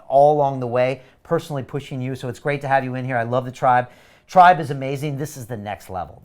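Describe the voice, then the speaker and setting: A middle-aged man hosting a live webinar, delivering an energetic, pushy sales pitch full of repeated catchphrases.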